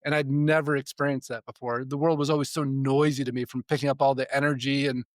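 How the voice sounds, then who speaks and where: Relaxed man recounting stories, dry sound. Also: mid-range voice, fast talker, no echo. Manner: frequent restarts and repeated words; chuckles between sentences. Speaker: podcast guest, spiritual development coach. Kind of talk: casual storytelling in conversation.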